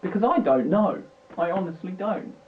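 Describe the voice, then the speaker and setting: A man's voice: sits high, animated, moderate pace. Ranting British man on a tinny mic. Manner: agitated, swearing, rambling with restarts. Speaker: vlogger. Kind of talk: unscripted political rant. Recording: tinny lo-fi mic with faint hiss.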